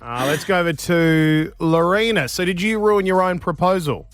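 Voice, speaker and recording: A man co-hosting radio, easygoing and quick with short reactions. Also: sits high, a bit bright, smooth, no room sound. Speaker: radio co-host. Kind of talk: breakfast radio banter.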